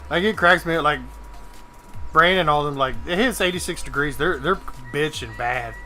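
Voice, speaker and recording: A man's voice: fairly high pitch, moderate pace, sharp tone. A young man chatting casually while live-streaming a game, swearing and joking as he mocks other people. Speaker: gaming streamer. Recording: game music in the background.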